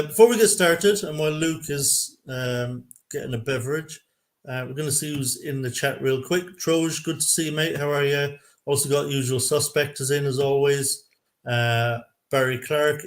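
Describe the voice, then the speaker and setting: An Irish man with a mid-range voice hosts a relaxed live chat show. He talks in an easygoing way and jokes with his guests. He sounds like he is speaking into a video call mic. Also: mid-range voice, moderate pace. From Ireland. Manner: easygoing, joking banter with guests. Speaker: host of a fan livestream show. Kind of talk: casual chat.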